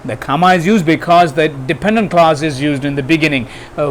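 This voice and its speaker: Guy teaching grammar, kinda high voice, lots of uh and you see, faint hiss behind. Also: a little fast. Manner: hesitant, many fillers and restarts. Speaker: English teacher. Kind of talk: grammar lesson.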